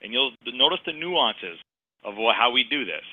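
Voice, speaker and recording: A man co-leading a sales coaching session, speaking in a calm, plain way. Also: medium pitch, moderate pace, no echo. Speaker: co-trainer. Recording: tinny phone-like call audio.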